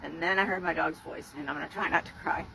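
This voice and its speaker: A woman's voice: low voice, fairly even intonation, fast talker, creaky, pushed and bright, a little hiss or hum, rough recording. A woman candidly recounting a frightening experience to the camera, emotional and swearing freely. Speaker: rescuer telling her story. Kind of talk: personal storytelling to camera.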